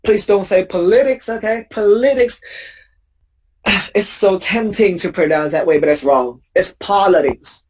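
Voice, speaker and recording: A woman's voice: on the low side, expressive, normal speed, darkish tone, low-quality recording. A woman teaching English pronunciation in a class drill, patiently correcting students and repeating each word as a model.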